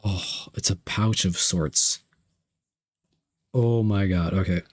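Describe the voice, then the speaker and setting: A young man streams live, reading chat messages aloud and unboxing gifts in a playful, repetitive way. His voice is deep and his pace slow.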